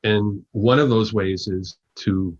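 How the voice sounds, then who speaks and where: A man telling stories in a podcast interview, acting out the dialogue with lively shifts of voice. His voice sits a little low. The audio is dull and lo-fi. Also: slow. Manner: animated storyteller who acts out dialogue. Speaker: guest, agile coach.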